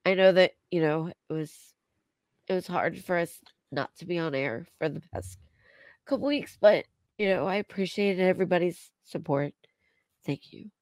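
A woman co-hosting a casual podcast, talking haltingly and emotionally with many restarts, close to tears. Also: fairly low pitch, darkish tone, dry recording. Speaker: co-host.

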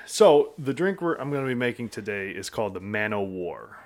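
A man's voice: lowish voice, big pitch swings, fairly quick, a little mellow. A man co-hosting a casual chat, telling rambling stories with restarts in a laid-back way.

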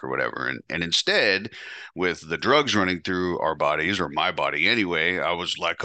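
A man's voice: deep voice, big pitch swings, normal speed, sharp tone, no echo. A man hosting a podcast, telling a candid personal story in a blunt, profane, confessional way. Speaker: podcast host.

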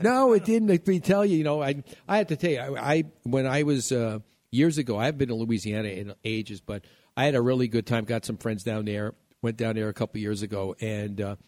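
A man's voice: medium pitch, a little mellow, no room sound. A man from New York hosting a home-improvement radio show, chatty and rambling, laughing often. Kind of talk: casual chat.

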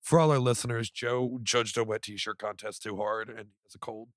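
A man's voice: on the low side, flat delivery, normal speed, fairly bright tone, dry recording, studio quality. A man co-hosting a podcast, joking and rambling in casual banter. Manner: joking, rambling, puts on voices. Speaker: podcast co-host.

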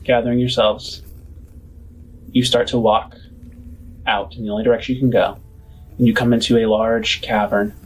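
A man narrating as game master of a tabletop game, describing scenes in an unhurried, casual way. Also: lowish voice, poor audio.

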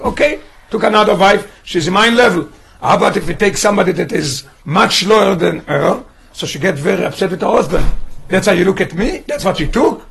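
Rabbi guy teaching torah, kinda high pitched, real raspy voice. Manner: poses rhetorical questions, mixes in Yiddish and Hebrew terms. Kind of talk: Torah lesson.

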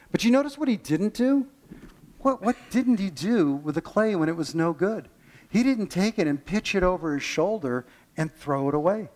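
A man preaching in a church with a fairly high voice. He delivers an animated sermon, acts out the voices of the people in his stories and slows right down on the lines he wants to land. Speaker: pastor.

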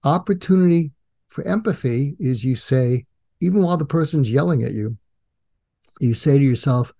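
A man's voice: a little high, moderate pace, vocal fry. An older man, a guest psychiatrist, explaining in an interview and acting out quoted dialogue. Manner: animated, acts out quoted dialogue.

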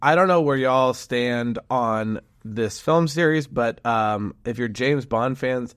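A man's voice: medium pitch, takes it slowly, a bit bright, clear, resonant tone, no echo, clean studio sound. A man co-hosting a casual podcast chat, talking at length with easy laughs. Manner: chatty, laughs while explaining. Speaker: podcast co-host.

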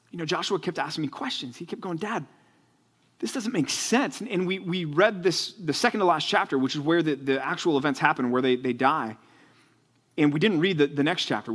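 A man preaching to students. He speaks earnestly, repeats words as he gets going and builds up to loud, fired-up emphasis. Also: on the high side. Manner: repeats words when excited. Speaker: youth pastor. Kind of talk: sermon to students.

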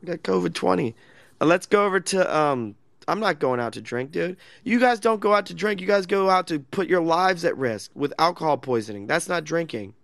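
A man's voice: a little high, expressive, brisk, creaky, fairly bright tone, no echo. A man hosting a casual chat in an online audio room. He speaks in a brash, mocking way and swears a lot. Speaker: host.

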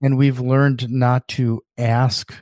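Casting: mid-pitched male podcast host, casual, dry close mic. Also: level tone, slow pace, darkish tone, no room sound. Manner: conversational, restarts and repeats words. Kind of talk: casual interview chat.

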